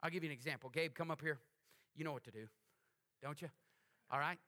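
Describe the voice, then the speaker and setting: A man preaching a sermon as pastor, animated, with call-and-response questions to the congregation. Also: fairly high pitch, fast talker.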